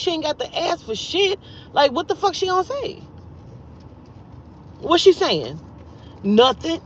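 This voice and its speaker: Speaking straight to her viewers, a vlogger and spiritual reader with a blunt, profane manner shifts from loud bursts to quiet muttered asides as she tells a story. She's very animated, at a moderate pace with long pauses, in an ordinary middle pitch. Lo-fi, dull sound carries a faint hum of a vehicle.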